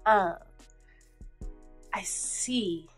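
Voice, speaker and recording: A woman's voice: mid-range voice, extremely slow, slightly rough, faint music behind, poor audio. A young woman vlogger chatting through a clothing try-on haul, sassy and blunt, hot and a little out of breath. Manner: sassy, blunt and animated, calls viewers sweetie. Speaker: fashion vlogger.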